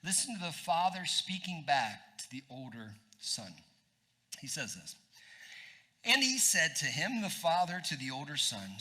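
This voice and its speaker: A man preaching a sermon as pastor in a church, animated and conversational, throwing quick asides to the congregation. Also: fairly high pitch.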